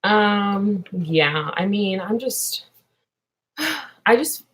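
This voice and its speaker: A woman's voice: mid-range voice, extremely slow, a bit bright. Rambling clown-persona woman vlogger. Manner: drifting, rambling, earnest then silly. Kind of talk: rambling casual vlog.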